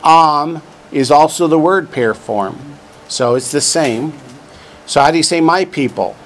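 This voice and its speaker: A man leads a classroom grammar lesson, reading from the textbook and drilling each word aloud. He speaks slowly and carefully, with a dry sense of humor in his asides. A faint hum of room noise sits underneath. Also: on the high side. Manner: dry joking asides between drilled words. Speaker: Hebrew teacher.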